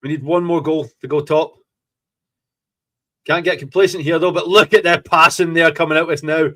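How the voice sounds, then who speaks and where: A Scottish fan podcast host reacts live to a football match, his voice slightly raised, fairly high in pitch and at a normal speed. Excitable and gloating, he curses freely and gets swept up in every moment of the game.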